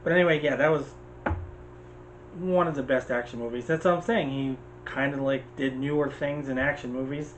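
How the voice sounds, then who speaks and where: An American man co-hosting a casual movie chat. He talks in an animated, opinionated way and keeps jumping into quick asides. A faint hiss sits under his voice. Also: mid-range voice, rough recording. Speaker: podcast co-host.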